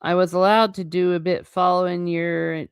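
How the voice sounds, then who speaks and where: A woman reading the lines of a huge, gruff but kindly male groundskeeper in her own plain voice, without trying his accent. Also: fairly low pitch, little pitch movement, normal speed, no echo, studio quality, lightly acted. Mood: sheepish. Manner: plain read-aloud, no accent attempted.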